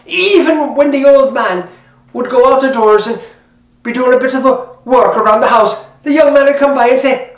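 A man's voice: very high-pitched, moderate pace. A man telling a folk tale in a lilting, conversational way, talking straight to the listener. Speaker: storyteller. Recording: roomy, mic at a distance.

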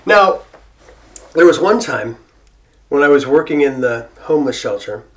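A man's voice: a little high, animated, normal speed. An American man telling a story in a casual, self-deprecating way. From United States.

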